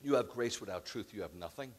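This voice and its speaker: A man's voice: fairly low pitch, lively intonation, a little fast, breathy edge. A man preaching a sermon as rabbi, emphatic and conversational with blunt asides.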